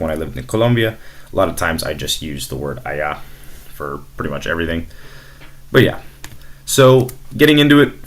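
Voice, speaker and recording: In a screen-recorded language lesson, a young male Spanish teacher gives casual explanations sprinkled with fillers, his voice low-pitched and a bit bright.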